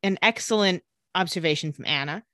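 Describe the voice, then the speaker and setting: Podcast co-host, young woman, lower pitch, animated retelling, dry studio sound. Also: a little fast, dry recording. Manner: animated, giggly, acts out quotes lightly. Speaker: podcast co-host recapping a TV episode. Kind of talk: casual chat, retelling scenes.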